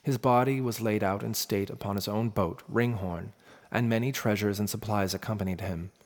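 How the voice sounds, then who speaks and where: A man narrating a myth in a measured, dramatic storytelling manner. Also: lowish voice, fairly even intonation. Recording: long reverb with faint music.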